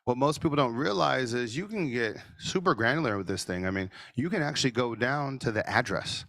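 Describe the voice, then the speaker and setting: A man presenting a marketing masterclass over a video call, animated and sometimes nearly shouting for emphasis. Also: medium pitch, a little fast, vocal fry, no echo, studio quality. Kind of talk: energetic webinar teaching. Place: office studio.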